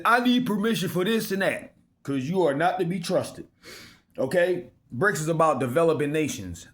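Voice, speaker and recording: In an informal sermon, a man with a fairly high voice reads old scripture slowly and with emphasis, then drops into slangy asides.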